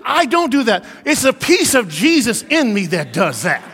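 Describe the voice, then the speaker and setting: Animated preacher with a high voice. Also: male voice, normal speed, husky, long reverb tail. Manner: animated preaching with acted-out quotes. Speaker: pastor. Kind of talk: sermon.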